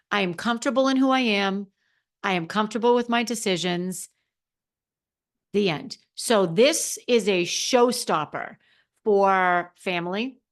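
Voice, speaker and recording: A woman hosting a solo podcast as a confidence coach, talking emphatically with lots of repeated phrases and restarts. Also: mid-range voice. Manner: self-described extrovert, expressive.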